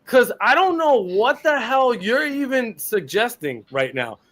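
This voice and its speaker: Fired-up, profane New sports ranter. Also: male voice, very high-pitched, unhurried. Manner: blunt, profane, animated. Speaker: podcast co-host. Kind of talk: heated sports rant.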